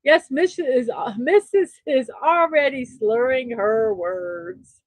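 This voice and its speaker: A woman's voice: high voice, slow pace, no echo. A woman hosting a casual livestream show, reading memes aloud and chuckling at her own jokes.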